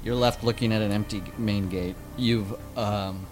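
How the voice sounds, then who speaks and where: Guy running a tabletop game, chill narrating voice, some music playing low. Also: steady tone, moderate pace. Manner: descriptive, laughing easily. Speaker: game master.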